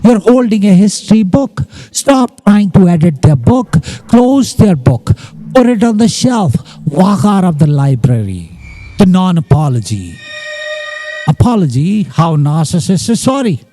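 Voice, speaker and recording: A man's voice: high-pitched, big pitch swings, measured pace, mellow, soft background music. A man giving scripted narration on psychology in emphatic, short declarative lines.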